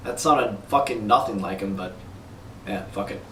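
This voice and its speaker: A man hosting a mock press conference, reading league news in a crude, deadpan announcer style. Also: lowish voice, normal speed, distant mic, a little hiss or hum. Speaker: league commissioner host. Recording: echoey room, voice off-mic.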